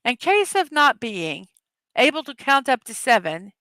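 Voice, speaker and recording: A woman hosting a daily morning show in a casual, upbeat, chatty way, reading puzzle words slowly one at a time and greeting her viewers. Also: sits high, sing-song, bright, forceful tone, no echo. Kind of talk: casual livestream chat, reading puzzle words and memes aloud.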